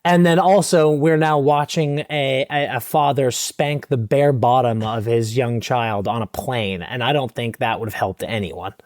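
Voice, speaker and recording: A man's voice: mid-range voice, unhurried, few pauses, darkish tone, dry recording, studio quality. A young man co-hosting a casual comedy podcast, ranting in mock outrage with exaggerated bluster. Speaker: podcast co-host.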